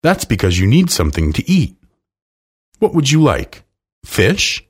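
A man's voice: mid-range voice, huge pitch swings, unhurried, slightly rough, pitched above the performer's own voice, full character voice. Man doing a kind polar bear. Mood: kindly. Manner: kindly.

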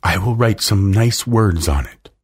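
A man reading a storybook aloud, voicing a male king cobra lord who speaks in a soft, slow, hissing way. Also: fairly low pitch, lively intonation, breathy edge, full character voice. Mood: soft, courtly. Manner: soft, slow, stately hiss.

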